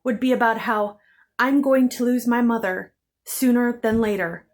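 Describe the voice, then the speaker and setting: A woman's voice: a little high, normal speed. Intense, swearing woman venting about her childhood. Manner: intense, bitter, heavy swearing; repeats phrases for emphasis. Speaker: vlogger. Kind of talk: emotional personal storytelling.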